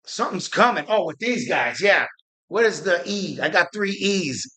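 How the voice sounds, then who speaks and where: Middle-aged male host, raised in Arizona, bright cutting voice, worked-up rambling rant. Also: high-pitched, expressive, moderate pace. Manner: ranting, profane, rambling with restarts. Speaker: podcast host. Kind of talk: fired-up political rant.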